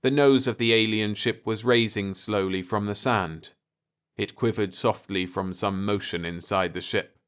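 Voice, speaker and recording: Male narrator for a bedtime story, calm, very slow delivery. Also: on the low side, clean tone. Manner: calm and unhurried.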